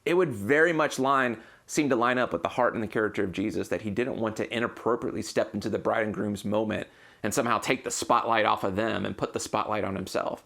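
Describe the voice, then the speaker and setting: A man's voice: fairly low pitch, fast, creaky, fairly bright tone. A man pastor preaching a sermon, earnest and explanatory, now and then acting out quotes.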